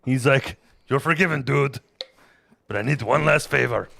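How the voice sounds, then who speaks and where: Man doing a booming action-star strongman. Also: moderate pace, vocal fry, pushed and bright, heavily acted. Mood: boastful. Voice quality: impression of a thick-accented action star. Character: burly strongman hero retelling a Bible tale.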